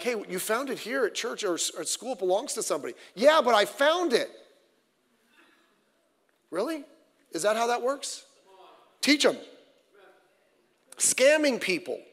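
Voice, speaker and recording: A middle-aged man preaching a sermon as pastor, animated and wry, with many rhetorical questions. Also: sits high, in a large hall. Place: church sanctuary.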